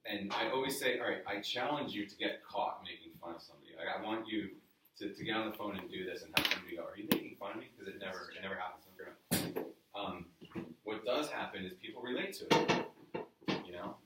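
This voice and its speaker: A man with a lowish voice coaches a live audience in casual, conversational style and keeps asking the room questions. He is recorded from across a very echoey meeting room, so his voice sounds distant and roomy, with a faint hiss underneath. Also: fairly quick. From New York area. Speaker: workshop presenter. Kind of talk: live sales training talk.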